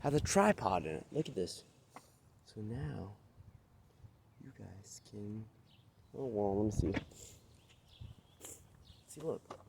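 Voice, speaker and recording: A man's voice: on the low side, expressive, slow, creaky, long pauses, background noise. A man vlogging while walking outdoors, talking into a phone on a selfie stick, brash, boastful and profane, and out of breath. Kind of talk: casual walking vlog. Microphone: phone camera on a selfie stick.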